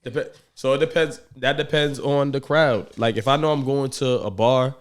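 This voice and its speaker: A man's voice: mid-range voice, fairly even intonation, normal speed. A man in his thirties hosting a podcast, chatting casually and animatedly, acting out quotes in playful voices. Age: 30s. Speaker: podcast host. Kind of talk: casual chat.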